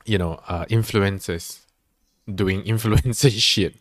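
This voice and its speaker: Low-voiced man on a dry podcast mic. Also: steady tone, slow, fairly bright tone, no echo. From Singapore. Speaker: podcast co-host. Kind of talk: casual chat.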